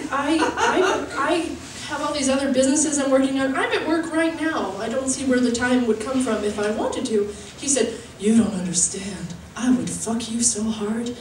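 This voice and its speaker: A young woman doing a stand-up comedy set with a halting, chatty delivery full of fillers, often laughing at her own jokes. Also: high-pitched, slight background noise. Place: comedy venue stage. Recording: roomy live-venue sound from a distance.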